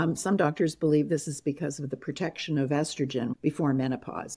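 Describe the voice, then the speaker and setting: An older woman telling her own story as an interview guest, lively and animated, laughing now and then and acting out what people said. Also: deep voice, breathy edge. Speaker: guest, heart attack survivor and author.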